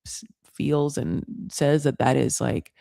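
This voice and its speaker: An American woman hosting a reality TV recap in casual talk, blunt and profane, with sarcastic rants, many fillers and quick asides. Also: a bass voice, fairly even intonation, gravelly, mellow. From United States.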